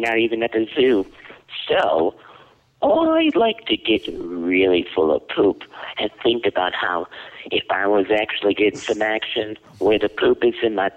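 A man's voice: lowish voice, phone-quality sound. A man co-hosting a comedy podcast, talking in a campy, playful, bawdy way. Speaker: podcast co-host. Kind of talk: raunchy comedy banter.

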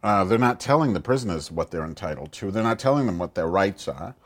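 A cranky middle-aged woman podcast host, played by a man, swearing and grumbling through a rambling comic monologue. Her voice sits low and heavy for a woman. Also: expressive, fast. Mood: grumpy. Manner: profane, grumbling, rambling rants.

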